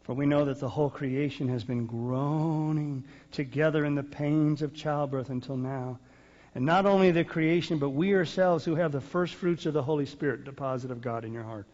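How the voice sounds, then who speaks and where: A male pastor preaching a sermon, swinging from loud, drawn-out rises to soft, sighing drops. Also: on the high side, big-room sound, dull audio.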